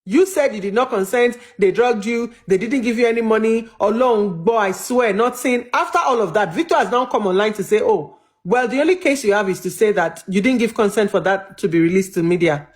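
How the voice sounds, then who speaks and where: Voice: medium pitch, fairly quick, few pauses. A speaker with a Nigerian accent moderating a heated live audio chat, cutting in to call for order in an exasperated way.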